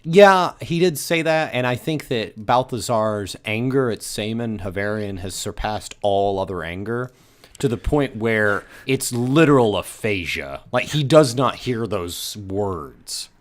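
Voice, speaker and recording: A man's voice: lowish voice, animated, a little slow. A man co-hosting a podcast, energetically telling how his character fought through a fight in a video game, often laughing. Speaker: podcast co-host. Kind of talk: casual chat about a video game.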